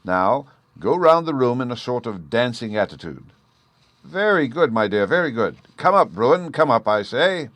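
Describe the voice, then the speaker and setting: A man's voice: mid-range voice, very animated, normal speed, a bit bright, no room sound, voice pushed up. A man reading an audiobook, voicing a testy, scornful husband who snaps and sneers. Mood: bossy. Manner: snappish and scornful.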